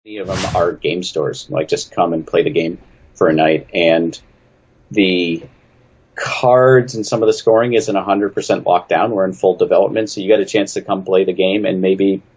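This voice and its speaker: Husky low-voiced man from New England. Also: steady tone, normal speed, a little mellow, highs cut off. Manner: chatty, self-deprecating, snarky. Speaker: game designer guest. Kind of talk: casual interview answers.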